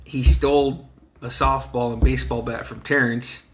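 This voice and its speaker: A man's medium-pitched voice, flat in delivery and normal in speed, carries a little hiss or hum. He is a guest in a casual storytelling chat, an American raised on a reservation, telling crude childhood stories while laughing and performing the quotes.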